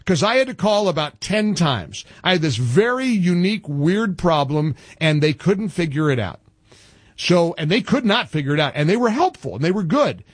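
Animated husky-voiced talk radio host man. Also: fairly high pitch, dry recording. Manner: animated, rapid-fire, with frequent restarts. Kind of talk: opinionated talk radio banter.

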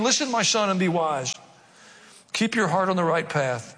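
A man preaching from the pulpit, with a voice pitched a bit high. He reads scripture and breaks into wry asides, then presses his points with dramatic emphasis. His words ring out with a long reverb, as in a large hall. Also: lively intonation, normal speed, fairly bright tone. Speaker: pastor. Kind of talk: sermon.

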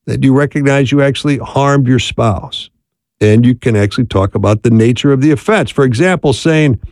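Male speaker, gravelly voice, dry close sound, conversational teaching, keeps asking "right?". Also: mid-range voice, a little mellow, no room sound. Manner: conversational, often asks "right?". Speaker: speaker on marriage. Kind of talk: instructional talk.

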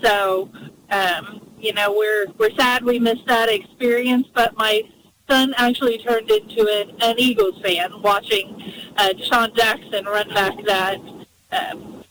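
A woman in her forties calling into sports radio, chatting with frequent pauses and fillers. Her voice is bright and forward, and there is faint vehicle noise behind her. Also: mid-range voice, fairly even intonation, rough recording. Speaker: radio caller. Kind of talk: casual call-in chat.

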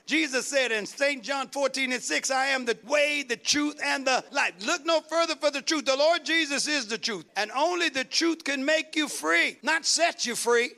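A man preaching a sermon as pastor, calling out questions to the congregation and building to shouted runs. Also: very high voice, moderate pace, few pauses. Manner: call-and-response preaching, rising to shouts.

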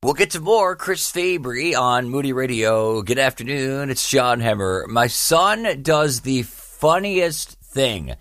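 A man presenting a short devotional radio spot, telling a story in an animated way. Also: fairly low pitch, no room sound, clean studio sound.

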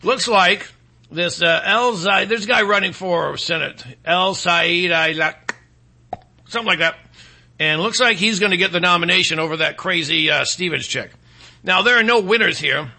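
A man from Michigan hosting a talk show, rambling and sarcastic, clearing his throat now and then between political rants and ad reads. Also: sits high, sharp tone. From Michigan, USA.

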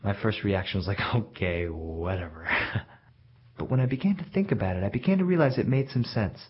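A male storyteller telling a story from his own childhood in a plain, reflective way with gentle self-mockery. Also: medium pitch, very animated, brisk, husky. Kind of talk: told personal story. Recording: dull lo-fi recording.

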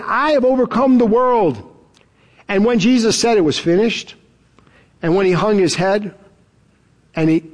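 A man preaching a sermon as pastor, emphatic and animated, chuckling now and then. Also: sits high.

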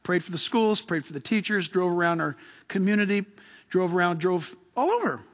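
Excitable high-voiced male pastor preaching. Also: brisk. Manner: casual, excitable, slangy preaching. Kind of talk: sermon.

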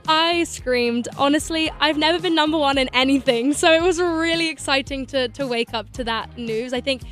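A woman's voice: high voice, moderate pace, fairly bright tone, faint music behind. A teenage girl, a singer and actor chatting as a radio guest, bubbly and gushing with lots of fillers. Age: teens. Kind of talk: casual radio interview. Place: radio studio.

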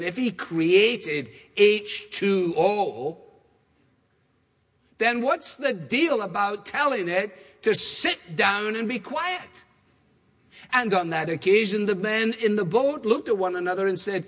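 A man preaching a sermon in an emphatic, rhetorical way, stacking repeated phrases and tossing in quick asides. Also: high-pitched, animated, fairly bright tone. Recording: long reverb of a large hall.

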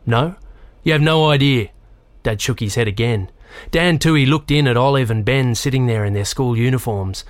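A man reads a story aloud at an even, measured pace, in a mid-pitched voice. The recording is close and dry, with no room sound around him. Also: no room sound. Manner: steady storytelling, lifts pitch for voiced characters. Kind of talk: audiobook narration.

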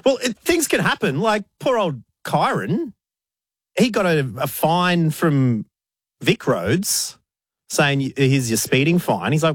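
A man's voice: on the high side, expressive, normal speed, no room sound, clean studio sound. An Australian man co-hosting a casual chat, ranting with mock exasperation and acting out the people he quotes. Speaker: co-host.

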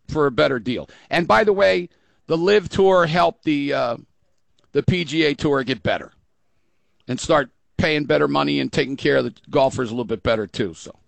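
Male sports radio host, gravelly and slightly high, blunt folksy rambler, dry close mic. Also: dry recording. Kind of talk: casual opinionated talk radio.

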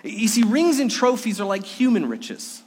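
A middle-aged male pastor preaching a sermon, swinging between emphatic raised passages and soft, hushed lows. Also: very animated, normal speed, breathy edge. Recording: long hall reverb.

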